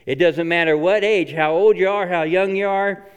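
A pastor preaching a sermon in a church, earnest and emphatic, repeating phrases for stress. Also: male voice, high-pitched, fairly even intonation, normal speed, clear, resonant tone, muffled recording. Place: church sanctuary. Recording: long reverb of a church hall.

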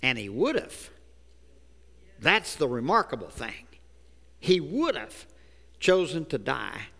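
Slow, clear-voiced preacher in an echoey hall. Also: male voice, medium pitch, big pitch swings, a bit bright. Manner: slow, folksy storytelling, deliberate emphasis. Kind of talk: sermon.

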